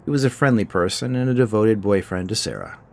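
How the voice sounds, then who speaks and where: Male narrator, low voice, measured pace, scripted short story reading. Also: vocal fry, a little mellow.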